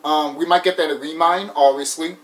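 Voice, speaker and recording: Man, fairly high voice, loose rambling wrap-up to a gaming video, lots of ums. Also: steady tone, fairly quick, faint music behind, poor audio. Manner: rambling, hesitant, many fillers and restarts. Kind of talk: casual video outro talk.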